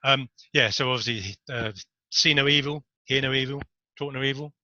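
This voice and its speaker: A man's voice: mid-range voice, steady tone, normal speed, pushed and bright, no room sound, muffled recording. A man giving a casual, rambling talk to camera on body language, with jokey asides.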